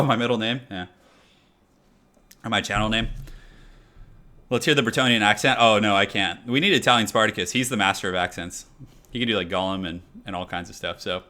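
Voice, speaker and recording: A man's voice: medium pitch, bright, forceful tone. A young man casually commenting on his live game stream, chatting loosely and answering chat as he goes. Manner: chatty, reads chat aloud, many fillers.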